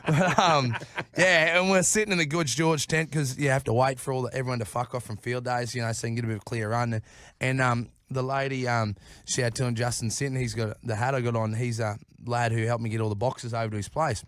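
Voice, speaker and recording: A man's voice: mid-range voice, steady tone, fairly quick, fairly bright tone, no echo, studio quality. A man, a podcast guest telling stories in casual chat, rambling, swearing constantly and laughing often. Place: podcast studio.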